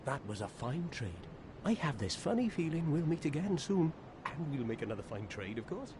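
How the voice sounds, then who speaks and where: A chatty Welsh traveling merchant in a video game, his sing-song voice sitting a little high and swooping wildly up and down. He sounds cheerfully wry and sly, with a steady hiss of noise under the game audio. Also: moderate pace. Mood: wry, friendly. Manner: cheerfully wry, chuckles after remarks.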